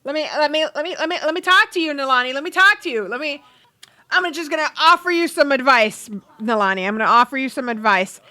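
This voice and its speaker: A nervous young man keeps tripping over his own words, stammering and circling back as he tries to talk his way out of trouble, as a woman puts him on. The voice is bright and lively, sliding up and down. It comes from a life-sim game. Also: sits high, fast talker. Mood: pleading. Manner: stammering, repeating himself.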